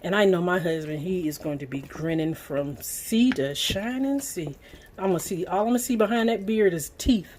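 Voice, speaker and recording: In her chatty cooking demonstration, a middle-aged woman from the American South speaks folksily to the camera while stirring at home. She has a low, expressive, darkish voice at normal speed, carrying a faint hiss or hum.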